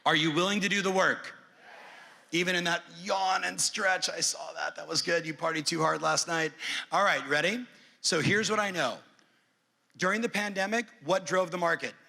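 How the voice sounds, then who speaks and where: A man's voice: high-pitched, fairly even intonation, moderate pace, creaky, sharp tone. A man giving a motivational keynote as a real estate coach on a conference stage, brash and profane, who keeps polling the crowd. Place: large conference hall stage. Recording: long reverb of a big hall.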